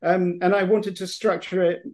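A man's voice: high voice, level tone, normal speed. A middle-aged English man talking as an author guest in a podcast interview, rambling with many restarts and fillers. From England.

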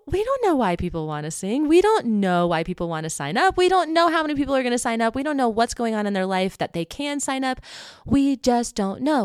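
A woman's voice: fairly high pitch, big pitch swings, a little fast, darkish tone, smooth, no room sound, studio quality. A young woman hosting a podcast, talking casually and animatedly to her listeners, often laughing and swearing lightly. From United States. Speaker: podcast host. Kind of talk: casual personal monologue to listeners.

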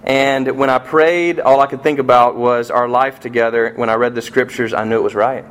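A middle-aged man preaching a sermon as pastor, telling a family story and acting out the voices in it, with sharp swings from soft to loud. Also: mid-range voice, steady tone, normal speed, smooth. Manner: storytelling with vivid acted-out quotes and swings in loudness.

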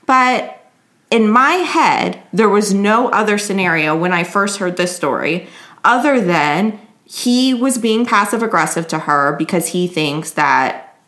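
A woman's voice: medium pitch, lively intonation, measured pace, fairly bright tone. Frank, casual woman swearing freely. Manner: frank, profane, laughs often. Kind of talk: casual monologue.

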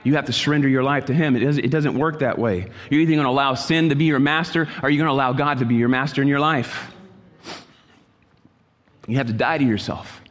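A man preaching a sermon in an exhorting manner, repeating his phrases and moving between quiet asides and loud calls. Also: medium pitch, steady tone, quick pace, long reverb tail. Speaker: pastor.

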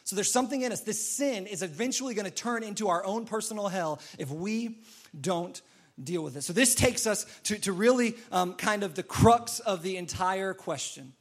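A man's voice: sits high, moderate pace. A man preaching a sermon in an earnest, repetitive way, now and then acting out pleading voices. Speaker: pastor.

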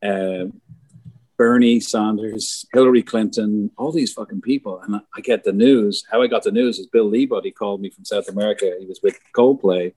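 A man's voice: lowish voice, fairly even intonation, moderate pace, a little mellow, breathy edge, dry recording. A middle-aged man, a concert lighting designer, telling rambling backstage stories in casual conversation and swearing freely. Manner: rambling, swears freely, acts out others' lines.

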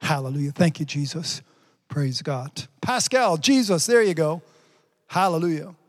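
A man with a notably high voice leads a livestreamed sermon. He speaks fervently, reading out viewers' comments and breaking into exclamations of praise. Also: lively intonation, measured pace. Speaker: pastor.

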